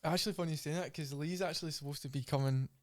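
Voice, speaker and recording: A man's voice: fairly high pitch, fairly even intonation, rapid-fire, no room sound, clean studio sound. A man with a Scottish accent hosting a podcast, reading listener questions in an easygoing, laughing way. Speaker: podcast host. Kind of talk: casual podcast chat. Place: podcast studio.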